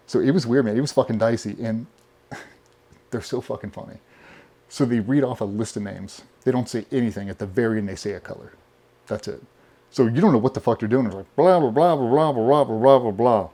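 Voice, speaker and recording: A man being interviewed, telling animated stories casually with plenty of swearing. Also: lowish voice, fairly quick, breathy edge. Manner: profane, animated storyteller. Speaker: podcast guest.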